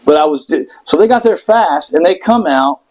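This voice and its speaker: A middle-aged man casually telling a story on a podcast, animated, acting out what people said and swearing freely. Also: on the high side, moderate pace, low-quality recording.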